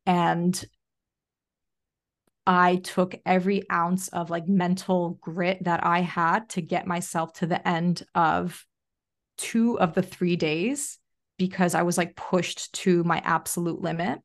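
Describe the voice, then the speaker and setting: A young adult woman, a self-leadership coach appearing as a podcast guest, speaks slowly with a fairly low voice. In a casual interview she chattily retells a personal story with animation, using lots of "like" fillers.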